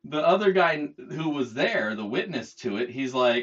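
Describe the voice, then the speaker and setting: A man's voice: on the high side, expressive, moderate pace, hardly any pauses, a bit bright. A middle-aged man telling a story as a heated casual rant, swearing freely and mocking other people's words. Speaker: channel host. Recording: dull lo-fi sound.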